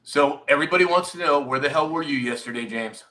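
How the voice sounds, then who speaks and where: A man's voice: on the high side, fast, pushed and bright. A man hosting a casual morning live stream, greeting viewers by name and teasing them. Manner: chatty, teasing, reads out viewer names. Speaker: live show host.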